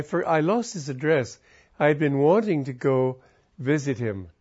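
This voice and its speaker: A man giving a reflective spiritual talk, telling a personal story in a calm, musing way with wandering sentences. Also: medium pitch. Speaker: spiritual teacher. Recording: muffled lo-fi recording.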